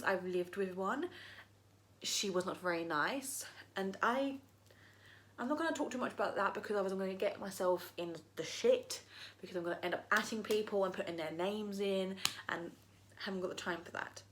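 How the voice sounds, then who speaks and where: Animated, foul-mouthed young woman. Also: medium pitch. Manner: animated, swears freely, mocks people in put-on voices. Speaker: vlogger. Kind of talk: casual ranting monologue to camera.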